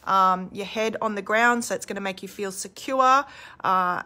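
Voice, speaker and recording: Woman in her thirties, casual coach, candid and chatty, bright tone, mid pitch. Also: moderate pace. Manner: chatty, candid, demonstrates screams and sounds aloud. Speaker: emotional release coach. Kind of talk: casual instructional talk. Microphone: phone held in hand.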